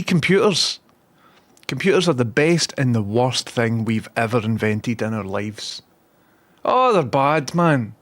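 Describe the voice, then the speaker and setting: Sweary Scottish man chatting on stream. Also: mid-range voice. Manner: chatty, swears freely, self-mocking. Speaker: livestream host. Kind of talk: casual livestream chat.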